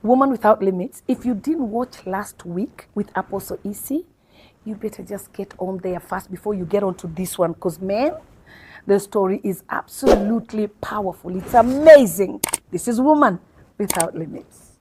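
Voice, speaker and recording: A woman's voice: medium pitch, moderate pace, darkish tone, slightly rough. A woman, hosting a talk show and chatting casually with her guest. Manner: encouraging, frequent short backchannels. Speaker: host.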